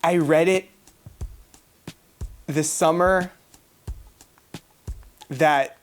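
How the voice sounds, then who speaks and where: A woman hosting a casual unboxing vlog about manga, excitable and exclamatory, with slangy chat to her viewers. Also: low-pitched, takes it slowly, creaky, long pauses, soft background music. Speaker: manga reviewer.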